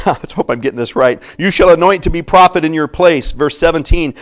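A man preaching a sermon, reading scripture aloud and acting out the voices in it, swinging from loud emphasis to quiet asides. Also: medium pitch. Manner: animated preaching, acting out biblical voices with sudden quiet drops. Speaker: pastor.

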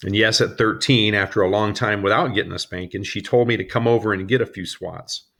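A man's voice: on the low side, steady tone, fairly quick, a bit bright. A man delivering an earnest sermon to a congregation, telling personal stories and reading scripture. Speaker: preacher.

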